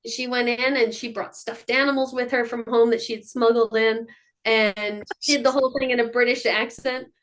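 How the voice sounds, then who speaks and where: Animated woman telling stories, slightly high. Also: moderate pace. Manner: animated storyteller who acts out quotes. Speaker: guest, mother of child performers. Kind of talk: casual storytelling in an interview.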